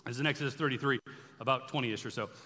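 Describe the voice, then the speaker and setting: A man giving an animated sermon-style bible teaching, telling the stories casually and acting out the characters' lines. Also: medium pitch, rapid-fire. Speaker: preacher. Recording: long reverb from a large hall.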